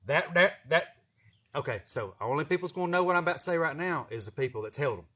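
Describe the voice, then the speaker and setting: A young vlogger talks in a fairly high voice at rapid-fire speed. His rambling, casual story is animated and heavy on swearing, and he keeps laughing at himself.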